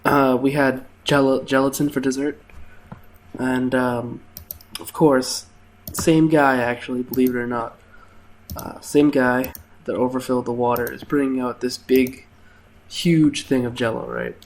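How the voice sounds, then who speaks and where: This young male host chats through his gameplay video, sharing humorous waiter-job stories with lots of laughs and filler words. His voice sits mid-range, delivered flatly and without hurry.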